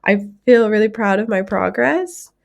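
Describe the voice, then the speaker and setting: A woman's voice: medium pitch, moderate pace, creaky, slight background noise. A woman in her thirties co-hosting a podcast, talking casually and poking fun at herself. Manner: self-deprecating, chatty. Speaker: podcast co-host. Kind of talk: casual chat.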